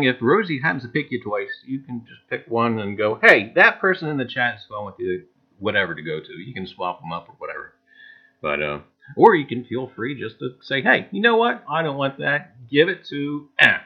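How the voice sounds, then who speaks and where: A man with a New Jersey accent hosting a live stream, greeting chat viewers by name with lots of "uh"s. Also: medium pitch. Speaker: livestream host. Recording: dull lo-fi stream audio.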